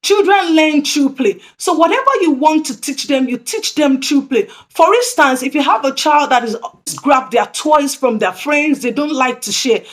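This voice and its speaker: Woman with a high voice teaching preschool staff, keeps repeating the main point. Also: expressive, moderate pace, few pauses. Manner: earnest, repeats key points, acts out example phrases. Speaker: early childhood training presenter. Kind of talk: instructional talk to camera.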